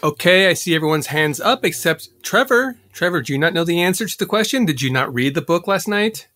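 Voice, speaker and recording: A man's voice: on the high side, animated, brisk, pushed and bright, voice pushed up. A man improvising a schoolteacher questioning a student in class. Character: stern male schoolteacher. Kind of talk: improv comedy sketch.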